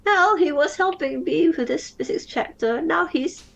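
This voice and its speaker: High, tearful teenage girl. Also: lively intonation, moderate pace, creaky, lo-fi sound. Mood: distraught. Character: distraught teenage girl student, grieving. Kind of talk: reading game dialogue aloud.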